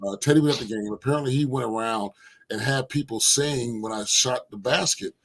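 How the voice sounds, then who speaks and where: In a casual storytelling interview, a guest who once played basketball shares stories, animatedly acting out the quotes. He's from Philadelphia, USA, with a medium-pitched voice and a slightly fast delivery, and there's a little hiss or hum.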